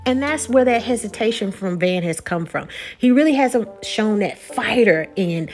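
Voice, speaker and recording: A woman's voice: on the high side, lively intonation, normal speed, hardly any pauses, a little mellow, faint music behind. A young woman giving a casual, conversational recap and review of a TV episode. She repeats words and keeps checking in with her listeners.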